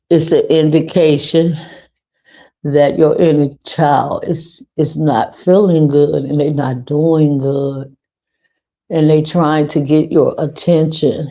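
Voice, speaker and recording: Slow, flat-voiced woman livestreaming. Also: sits low, low-quality recording. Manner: earnest, repeats phrases for emphasis. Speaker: livestream host. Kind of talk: casual livestream monologue.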